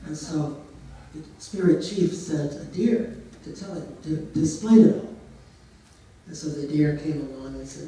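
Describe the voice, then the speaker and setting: A man's voice: a little high, a little slow, mellow, heavy reverb, distant mic, rough recording. A man telling a story in a casual way, now and then putting on voices for the characters. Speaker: storyteller and therapist.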